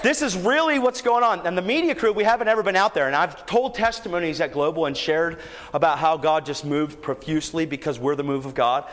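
A man preaching a sermon, telling a story and then exhorting the congregation with rising, shouted emphasis. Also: a little high, fairly quick, slight background noise. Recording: echoey hall, long reverb.

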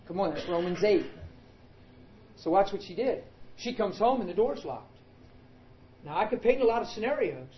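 High-voiced emphatic preacher. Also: male voice, normal speed, long pauses, echoey room, dull audio. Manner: emphatic, animated, calls out to the congregation. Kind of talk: sermon.

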